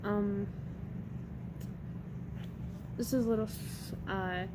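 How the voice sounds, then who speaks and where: A young woman talks through a manga chapter by chapter from her college dorm room. She rambles in a casual, chatty way, restarting her sentences often, in a voice of middling pitch. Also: steady tone, moderate pace, background noise. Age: young adult. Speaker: manga reviewer.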